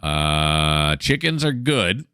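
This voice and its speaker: A man's voice: very deep voice, sing-song, drawn-out words, bright, forceful tone, smooth. A middle-aged man, commenting casually on a farming game and talking to the animals as he plays. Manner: rambling self-talk, chatting to the game animals. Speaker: gaming channel host.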